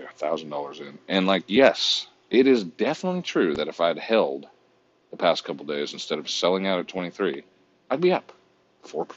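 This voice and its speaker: A man's voice: deep voice, creaky, slightly rough, muffled recording. A man vlogging in a casual, rambling, profane way while browsing online, often mocking himself.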